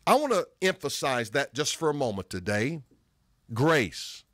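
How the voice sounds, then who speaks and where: Slow, deliberate preacher man. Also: mid-range voice, big pitch swings, a bit bright, no echo, studio quality. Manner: dramatic slowing for emphasis, quoting scripture. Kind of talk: sermon.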